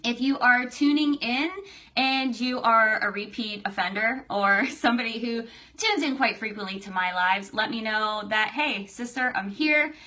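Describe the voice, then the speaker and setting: Bright chatty woman hosting a live stream. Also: a little high, moderate pace. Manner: chatty, greets viewers by name, emotional. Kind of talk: casual livestream chat.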